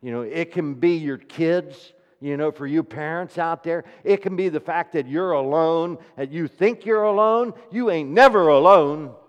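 A man preaching a sermon, asking the congregation rhetorical questions and swinging between hushed, near-whispered passages and loud, ringing declarations. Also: unhurried, hardly any pauses. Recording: reverberant hall, dull low-fidelity sound.

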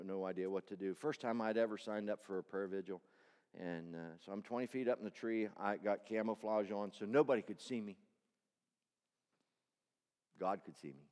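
Impassioned preacher man in an echoing hall. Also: fairly low pitch. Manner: swings from loud intense preaching to quiet storytelling. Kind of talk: sermon. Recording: long reverb hall.

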